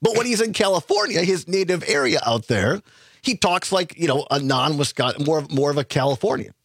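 A man hosting a political radio talk show, chatty and animated, laughing easily. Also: fairly high pitch, brisk, creaky, husky, dry recording, studio quality. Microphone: studio microphone.

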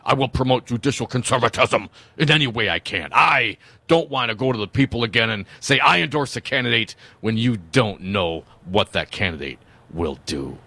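A man's voice: medium pitch, expressive, moderate pace, bright, forceful tone, slightly rough, no echo, exaggerated voice. A radio co-host putting on the voice of a pompous male judge in a stiff, self-important manner. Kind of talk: talk radio banter.

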